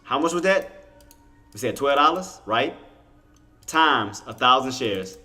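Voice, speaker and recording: A man's voice: medium pitch, expressive, slow, sharp tone, soft background music. A man giving live commentary on his trading, exasperated, swearing and talking straight to his chat viewers. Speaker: day trader streaming to viewers.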